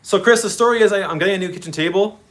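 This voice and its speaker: A man hosting a model railway livestream, chatty and excitable, greeting viewers by name and laughing often. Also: sits high, rapid-fire. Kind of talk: casual live-stream chat with viewers.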